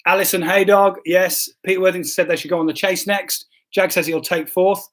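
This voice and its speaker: A man's voice: high-pitched, little pitch movement, normal speed, a bit bright. A man, a pastor hosting a casual church livestream, reading out quiz results in a joking, self-deprecating way. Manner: jokey and self-deprecating, stumbles and apologizes. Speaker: pastor hosting a live stream.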